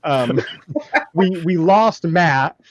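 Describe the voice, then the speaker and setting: A man hosting a casual panel chat, halting with many ums and nervous laughs. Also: a little high, animated, no room sound. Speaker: podcast host.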